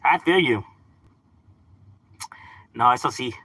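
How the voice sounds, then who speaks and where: A man chatting casually, mixing English and Spanish, animated and profane. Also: mid-range voice, slow, breathy edge, dry recording. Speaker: livestream host. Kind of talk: casual chat.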